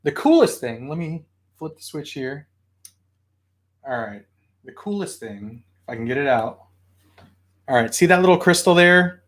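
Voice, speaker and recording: A man casually showing off his new toy haul at home, chatty and excitable. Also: fairly high pitch, moderate pace, pauses often. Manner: chatty, excitable, yells at his barking dog. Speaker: toy collector vlogger.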